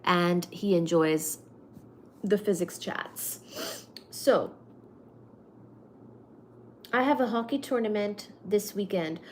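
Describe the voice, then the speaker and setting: A woman hosts a casual livestream from home, reading viewer comments aloud and thanking people with gushing warmth. She rambles and fills gaps with "um" and "uh." Her pitch sits mid-range, and a faint noise runs underneath. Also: slow, pauses often. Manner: effusive, thanks viewers warmly, rambling with fillers. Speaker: livestream host.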